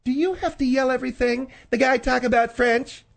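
A man puts on a bossy female co-host with a sharp, nagging tongue. She snaps back at every remark in a comedic radio talk-show bit. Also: extremely high pitch, steady tone, fairly quick, vocal fry, voice pushed up. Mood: scolding. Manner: snippy and scolding.

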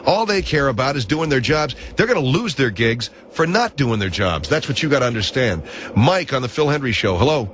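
A male radio host taking callers, with a blunt, brisk delivery and a lively, up-and-down pitch. His voice sounds dull and lo-fi, with a faint hiss behind it. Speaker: radio talk show host. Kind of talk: call-in radio talk.

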